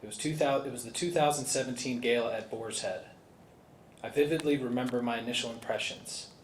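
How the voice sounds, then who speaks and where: Speaking from a podium at a gala, the board chairman delivers a serious prepared speech in his mid-range voice. The setting is a big indoor banquet hall, recorded with a spacious feel, faint ambience, and slight background noise.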